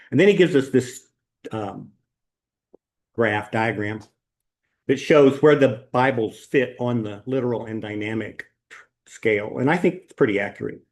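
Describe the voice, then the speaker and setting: A man teaching a Bible class at church, talking casually with ums and rhetorical questions as he walks through slides. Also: mid-range voice.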